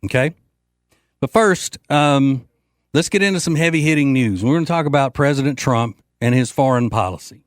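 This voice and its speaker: A man's voice: medium pitch, moderate pace, no echo. A man hosting a political talk show, delivering a brash, joking, rambling monologue with frequent fillers into a studio microphone. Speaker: host.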